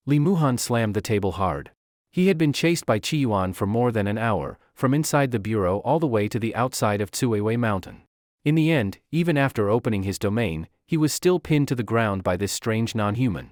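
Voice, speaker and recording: A man narrating a comic fantasy story as a scripted recap, telling it in an animated way. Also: medium pitch, normal speed, no echo, clean studio sound.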